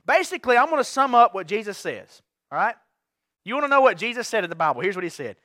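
A man's voice: sits high, big pitch swings, fast talker, bright, forceful tone, no room sound, studio quality. A young man preaching a sermon as pastor, fervent and given to repeated rallying cries. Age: young adult. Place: church sanctuary.

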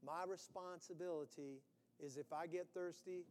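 A man preaching a sermon, animated, acting out quotes with sudden loud bursts. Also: a little high, moderate pace, in a large hall. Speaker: pastor.

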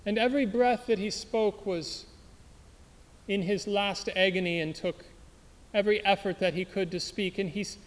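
A man's voice: high voice, fairly even intonation, moderate pace. A man preaching through a story in an earnest, dramatic way. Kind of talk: sermon storytelling. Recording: long hall reverb.

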